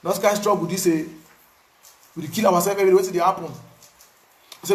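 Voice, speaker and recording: A man with a Cameroonian Pidgin English accent tells his own story in a casual, animated way, repeating words for emphasis. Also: sits high, fairly quick, echoey room. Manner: animated, repetitive, pidgin phrasing. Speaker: activist.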